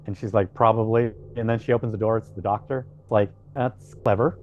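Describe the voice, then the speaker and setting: A man co-hosting a podcast, reading a plot recap and chatting casually, with relaxed "um" and "you know" asides. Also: lowish voice, a little fast, dull audio, slight background noise. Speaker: podcast co-host.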